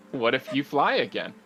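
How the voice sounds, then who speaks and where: A man narrating a tabletop game as game master, relaxed and chatty with many fillers. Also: medium pitch, a little hiss or hum.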